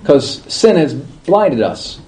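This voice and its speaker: A man explaining liturgy to a group in a conversational, teaching way, checking in with his listeners and slowly sounding out chanted words. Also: a little high, very animated, darkish tone, poor audio. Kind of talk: informal class talk.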